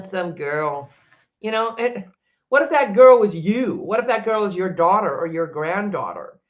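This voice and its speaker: An older woman, a psychic and energy healer, talking in a loud, chatty, rambling way from her home office, often breaking off mid-sentence. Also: medium pitch, lo-fi sound. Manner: chatty, rambling, self-interrupting; loud, emphatic. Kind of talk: casual unscripted monologue to camera.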